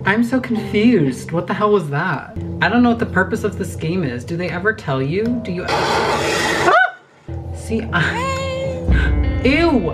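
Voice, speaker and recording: A woman YouTuber with a medium-pitched voice does casual gaming commentary, her pitch swinging wildly as she talks at an unhurried pace with frequent pauses. She's chatty and rambling, making asides to viewers, swearing constantly and startling easily. The recording is rough, with music playing behind her.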